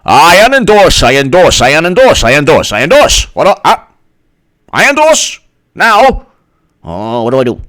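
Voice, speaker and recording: A man's voice: on the high side, wildly swooping pitch, moderate pace, fairly bright tone, voice pushed up. A man doing a whiny, flip-flopping male pundit. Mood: whiny dithering. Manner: whiny, dithering, mocking.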